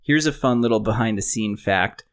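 A man hosting a casual movie podcast, sharing trivia in a relaxed, joking way. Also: lowish voice, normal speed. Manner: relaxed, shares trivia, jokes around. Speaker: podcast host.

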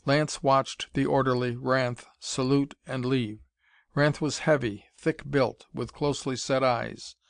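Brief: male audiobook narrator, measured, mid-pitched, dry close sound. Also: creaky, dry recording. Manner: steady, measured reading. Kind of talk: scripted narration.

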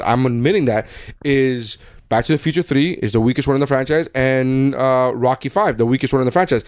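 A man co-hosting a casual chat, animated and swearing freely, stumbling over restarts. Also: mid-range voice, no echo, studio quality. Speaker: podcast co-host.

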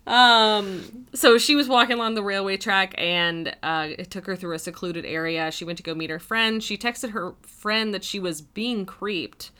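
A woman's voice: mid-range voice, moderate pace, few pauses, bright, forceful tone, clear, resonant tone. A woman in her late twenties co-hosting a true crime podcast in casual, chatty talk, with many filler words and giggly asides. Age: late 20s. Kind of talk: casual chat.

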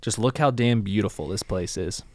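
A man's voice: fairly low pitch, moderate pace, no echo. A man co-hosting a podcast, recapping an episode in a laid-back, insistent casual chat. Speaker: podcast co-host.

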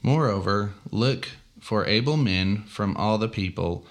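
Man, co-host, deep voice, dry humor, scripture reading and casual chat. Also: unhurried. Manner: dry, joking asides. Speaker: podcast co-host.

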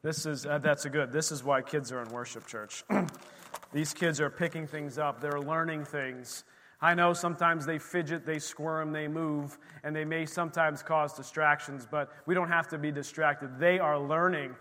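Male pastor, slightly high, bright and emphatic, losing his voice, long church reverb. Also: fairly even intonation, normal speed, a little hiss or hum. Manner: emphatic, exclaiming praise, frequent amens. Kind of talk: sermon. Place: church sanctuary.

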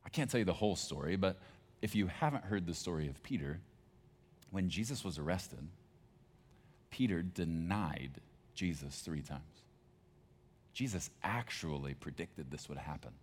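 A man's voice: low voice, lively intonation, normal speed, pauses often, husky. A male pastor preaching a sermon in a conversational, emphatic storytelling manner.

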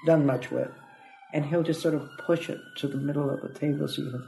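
A woman, a comedian telling stories in an interview with a chatty, lively manner that swoops up for emphasis. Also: low-pitched, brisk, gravelly, faint music behind. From United States (Ohio). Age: 80s. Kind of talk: animated interview storytelling. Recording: echoey room.

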